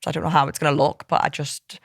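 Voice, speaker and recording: A woman's voice: low-pitched, flat delivery, fast talker, gravelly, dry recording, clean studio sound. A woman, a podcast guest recounting a hard personal story in a heartfelt, tumbling way full of quoted dialogue. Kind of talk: candid personal storytelling in an interview.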